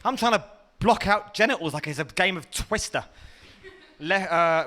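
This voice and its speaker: A man doing stand-up on a festival stage. His voice sits high and bright, and his pitch swings all over. He bursts into loud, high-pitched impressions. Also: lively intonation, normal speed. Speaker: stand-up comedian. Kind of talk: stand-up comedy set.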